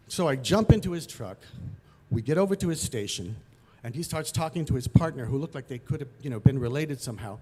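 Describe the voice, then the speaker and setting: A man from Los Angeles telling a personal story on stage, vivid and animated, acting out the scenes. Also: medium pitch, fairly quick.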